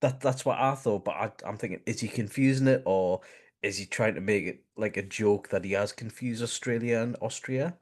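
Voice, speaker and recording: A man, co-hosting a casual film chat, laid-back and halting. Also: lowish voice. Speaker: podcast co-host.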